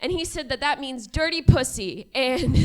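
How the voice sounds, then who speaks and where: On a comedy club stage, a twenty-something woman with a high voice performs stand-up at an unhurried pace. She keeps a deadpan delivery but laughs at her own material.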